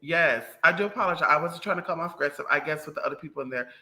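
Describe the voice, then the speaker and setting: Very bright, sassy livestream ranter. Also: medium pitch, very fast, faint music behind, low-quality recording. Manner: sassy, profane, talks straight to viewers; animated storytelling. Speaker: livestream host. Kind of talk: casual livestream rant.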